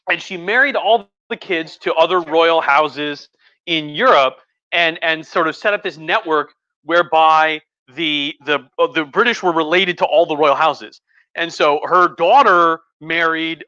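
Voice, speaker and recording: A man's voice: a little high, pushed and bright, no room sound, dull audio. A drunk male history professor giving a rambling, profane, chatty livestream lecture from home, with many restarts.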